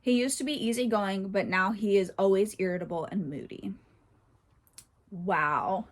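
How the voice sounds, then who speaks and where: A woman hosts a casual channel and reads online posts aloud in a conversational way. She breaks into laughter now and then and jumps into animated asides, with her pitch sitting in an ordinary middle range. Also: measured pace. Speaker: horse channel host reading Reddit posts. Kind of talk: casual reading and commentary.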